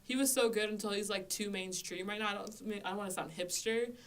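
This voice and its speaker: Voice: medium pitch, fairly even intonation, quick pace, a loud crowd. Young cohost, mid voice, opinionated, kinda far from the mic. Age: 20s. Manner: enthusiastic, opinionated, casual swearing. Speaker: podcast co-host. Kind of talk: casual chat.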